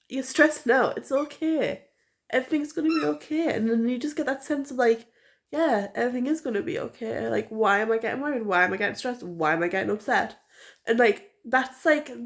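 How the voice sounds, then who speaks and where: A woman with a North East English accent talks to her camera at home, in the casual rambling way of a personal vlog. Her voice sits a little high, and she strings thoughts together with plenty of fillers and restarts. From North East England. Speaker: vlogger.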